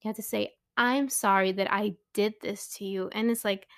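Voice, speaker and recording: A woman's voice: medium pitch, steady tone, normal speed, a bit bright. A young woman hosting a solo podcast, talking casually and rambling with many restarts and fillers. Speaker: podcast host.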